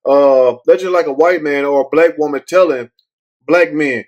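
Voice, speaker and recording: A man's voice: fairly high pitch, moderate pace, a little mellow, lo-fi sound. A man hosting a casual commentary show, rambling and blunt, often swearing and circling back with "but anyway.". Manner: blunt, profane. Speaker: show host.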